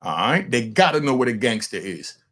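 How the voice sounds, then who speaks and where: An older man and grandfather hosting a casual commentary show, animated and talking straight to his viewers. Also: mid-range voice, moderate pace. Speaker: commentator host.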